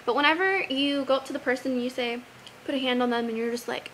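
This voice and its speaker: Young woman vlogging advice, high bright voice, earnest and animated. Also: fast, slight background noise, low-quality recording. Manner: earnest, animated, quotes Bible verses. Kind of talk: casual advice vlog.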